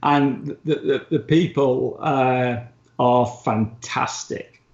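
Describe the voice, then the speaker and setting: A man's voice: mid-range voice, fairly even intonation, slow. A man co-hosting a podcast, casually telling a travel story with laughs and the odd swear. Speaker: podcast co-host. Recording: roomy, dull-sounding recording.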